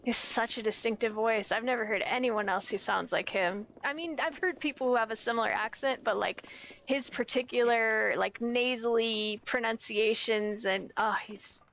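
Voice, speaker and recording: Chatty American woman streamer, high voice. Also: moderate pace, vocal fry, a bit bright, muffled recording, a little hiss or hum. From United States. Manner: chatty, searching for words, reading chat aloud. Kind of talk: casual chat with viewers while gaming.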